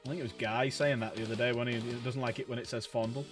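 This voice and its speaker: A man chatting casually while painting miniatures on a livestream, chatty and quick to laugh. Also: soft background music. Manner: chatty, laughs often, jumps in pitch when excited. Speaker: streamer and hobby painter.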